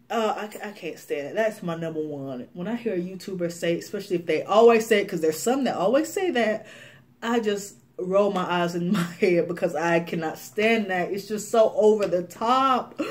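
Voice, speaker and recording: A woman's voice: fairly low pitch, normal speed. A young woman vlogging to camera, ranting casually with lots of fillers and frequent laughs. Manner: animated, laughs often, many fillers. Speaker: beauty vlogger.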